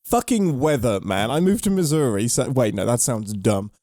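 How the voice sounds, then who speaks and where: A man's voice: medium pitch, sing-song, normal speed, warm tone, no echo, studio quality. A man co-hosting a podcast in casual chat, joking and swearing, with a groggy morning voice. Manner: jokey, swears casually, mock-formal captain intro. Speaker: podcast co-host.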